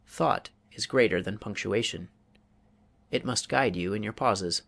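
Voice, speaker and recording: A man reading a public speaking manual aloud as an audiobook, in a measured, deliberate way with pauses. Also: fairly low pitch, creaky, a bit bright. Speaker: audiobook reader.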